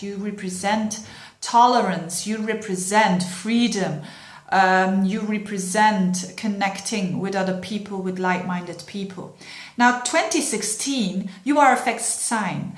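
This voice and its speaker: A middle-aged woman talks through a year's horoscope as an astrologer, earnest and encouraging as she addresses viewers directly. Her voice sits at an ordinary middle pitch for a woman. The room around her rings with a noticeable echo. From Belgium. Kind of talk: yearly horoscope talk to camera. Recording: roomy echo.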